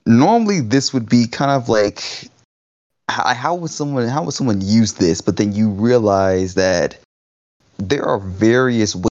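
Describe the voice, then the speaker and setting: A man co-hosting a casual podcast, talking haltingly, searching for words and restarting. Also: lowish voice, a little mellow. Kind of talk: casual chat. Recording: dull lo-fi audio.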